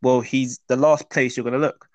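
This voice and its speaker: A man's voice: mid-range voice, steady tone, moderate pace, a little mellow, dry recording. A man teaching about the inner voice in an interview, explaining patiently and often checking in with "yeah?". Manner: explanatory, checks in with "yeah?" and "does that make sense?". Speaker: mindset teacher.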